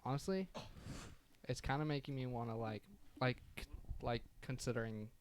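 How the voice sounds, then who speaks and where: A man's voice: mid-range voice, normal speed, a little hiss or hum. A teenage boy rambling in casual chat with friends, full of fillers. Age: teens. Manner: rambling, filler-heavy, laughs often. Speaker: podcast co-host.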